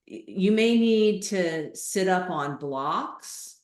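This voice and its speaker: A woman teaching yoga in a low voice, slow and unhurried, talking students through each setup with gentle reassurance. Her voice carries a roomy echo, as if recorded in an open, bare room. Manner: calm, measured instruction with gentle reassurance. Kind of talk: guest instruction in a live online class. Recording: echoey room.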